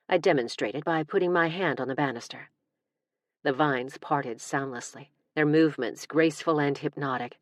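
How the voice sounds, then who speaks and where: A woman's voice: sits low, moderate pace, no room sound. A woman reading a first-person audiobook in a wry, comic manner, close to a studio mic. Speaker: audiobook narrator.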